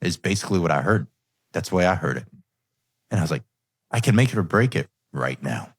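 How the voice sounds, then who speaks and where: A man's voice: low voice, animated, brisk, breathy edge, no echo, clean studio sound. A man hosting a coaching podcast, telling a personal story in a candid, reflective way. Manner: candid, reflective, quotes his own thoughts. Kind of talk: earnest conversational storytelling.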